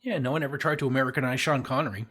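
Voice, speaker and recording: A man's voice: medium pitch, steady tone, very fast, a bit bright, breathy edge. A man co-hosting a horror film podcast, trading teasing, profane banter. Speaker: podcast co-host. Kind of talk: casual chat.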